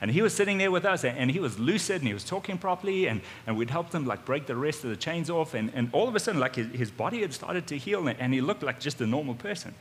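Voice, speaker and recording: A man preaching, retelling a story in the first person in an animated way, with sudden swings in loudness. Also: a little high, fast talker, hardly any pauses. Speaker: pastor. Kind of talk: storytelling sermon. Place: church auditorium.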